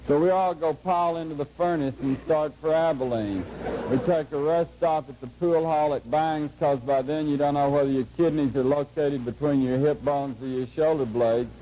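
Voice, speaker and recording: A middle-aged man gives a lecture to a class, telling a humorous story in a dry, unhurried, folksy way. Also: fairly high pitch, warm tone, slight background noise, rough recording. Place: lecture hall before a live audience.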